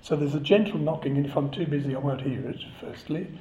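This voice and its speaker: A man's voice: a little high, quick pace, dark tone. A man giving a chatty, conversational sermon and joking with the congregation. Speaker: preacher. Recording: echoey, slightly dull church recording.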